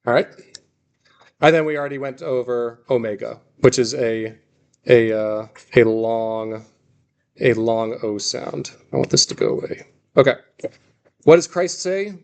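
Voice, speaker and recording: A man's voice: medium pitch, measured pace, pauses often, darkish tone. A man teaching a classroom lecture in a casual, joking way, often restarting and correcting himself. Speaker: Greek teacher.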